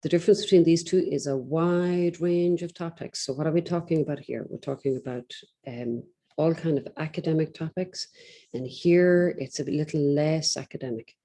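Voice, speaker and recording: A woman tutor giving a spoken lesson on exam speaking skills, talking in an instructive way with frequent ums and deliberate slow pauses. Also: deep voice, mellow. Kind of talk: online teaching lesson.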